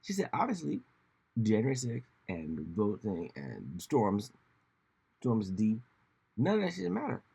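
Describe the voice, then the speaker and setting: A man hosting a casual solo commentary show, rambling and animated, often slipping into mocking voices when he quotes people. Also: fairly low pitch, a little slow, gravelly, long pauses, breathy edge. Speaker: podcast host.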